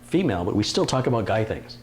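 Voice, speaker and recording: A man's voice: fairly low pitch, sing-song, fast, a little mellow. A man hosting a live stream, chatting casually, joking and reading viewer comments aloud. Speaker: livestream host. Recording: roomy echo, faint room noise.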